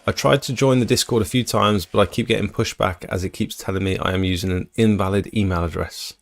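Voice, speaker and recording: A British man with a low, gravelly voice chats casually through a live stream. He replies to viewers' questions in a relaxed, rambling way, and faint music plays under his voice. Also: fairly quick. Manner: chatty, answers viewer chat. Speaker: livestream host.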